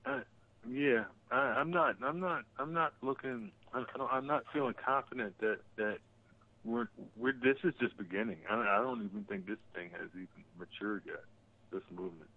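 A man calling in to a talk show, talking casually and haltingly about politics, often repeating words. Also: medium pitch, big pitch swings, gravelly. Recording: tinny phone line.

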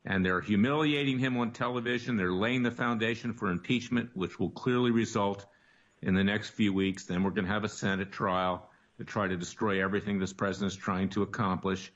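A man's voice: lowish voice, steady tone, brisk, fairly bright tone, dull audio. A man in a played clip giving an indignant political monologue, denouncing opponents.

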